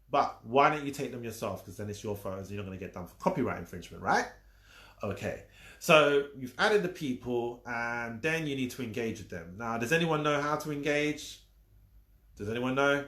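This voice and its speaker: A man's voice: mid-range voice, fairly bright tone. A man coaching viewers on a live stream, talking emphatically, repeating his points and teasing his audience. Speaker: social media coach hosting a live stream. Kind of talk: casual live-stream teaching. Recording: roomy echo.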